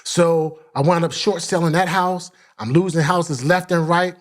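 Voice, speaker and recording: A man's voice: fairly high pitch, steady tone, a little slow. Blunt, profane man from Philadelphia. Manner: blunt, profane, candid, acts out the people he quotes. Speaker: podcast guest. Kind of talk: casual storytelling.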